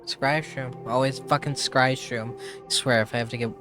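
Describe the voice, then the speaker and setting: A man's voice: medium pitch, fairly even intonation, moderate pace, music in the background, lightly acted. A man reading as a grumbling dock official woman. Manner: dry, swearing complaints.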